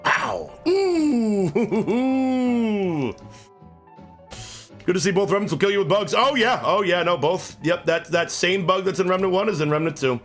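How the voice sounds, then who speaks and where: A man's voice: high voice, fairly even intonation, quick pace, hardly any pauses, a bit bright, soft background music. A man streaming a game live, swearing in frustration and chatting with his viewers. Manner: profane, exasperated, chatting with viewers. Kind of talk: live gameplay commentary.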